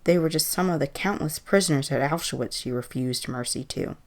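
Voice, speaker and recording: A woman voicing a chorus of vengeful spirits who accuse slowly in a booming voice. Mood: accusing, booming.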